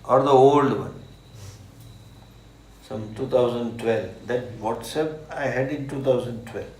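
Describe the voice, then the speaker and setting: A man with an Indian accent, a swami answering questions in a slow, animated talk with laughing asides. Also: mid-range voice. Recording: echoey room with faint ambience.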